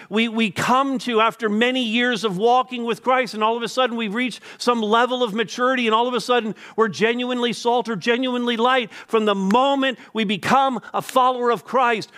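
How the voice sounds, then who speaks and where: Male pastor, high voice, emphatic sermon delivery. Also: pushed and bright, smooth. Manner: emphatic preaching with repeated words and pauses.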